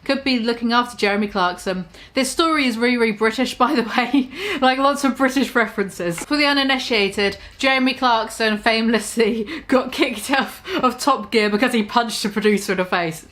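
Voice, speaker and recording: A woman's voice: fairly high pitch, normal speed, hardly any pauses, fairly bright tone. A woman casually reading her own comic story aloud, tripping over words and poking fun at herself. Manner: stumbling, self-deprecating, laughs at her own writing.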